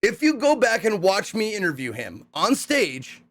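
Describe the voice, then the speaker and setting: A young man casually recapping a hosting gig, rambling and profane, acting out the people he quotes in excited voices. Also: sits high, measured pace.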